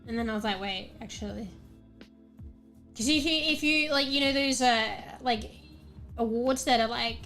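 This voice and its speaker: A woman's voice: high voice, fairly even intonation, normal speed, fairly bright tone, faint music behind. A young Australian woman streaming from home, chatting loosely with her viewers, rambling and swearing casually between laughs. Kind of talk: casual livestream chat. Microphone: new desk microphone, close.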